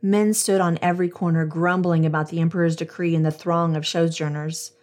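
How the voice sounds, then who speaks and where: A woman's voice: fairly low pitch, flat delivery, fairly quick, darkish tone. A woman hosting a devotional podcast, reading scripture and reflecting earnestly, addressing listeners as friends.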